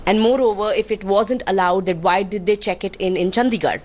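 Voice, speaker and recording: A woman's voice: mid-range voice, a little fast. A woman from India with an Indian accent, earnestly and indignantly recounting an incident as an interviewee, politely using honorifics.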